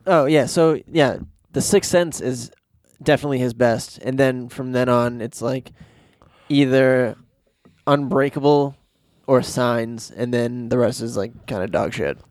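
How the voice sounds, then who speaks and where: A man's voice: medium pitch, a little slow, darkish tone, dry recording, clean studio sound. A man co-hosting a podcast in casual chat, laid-back with short replies. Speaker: podcast co-host.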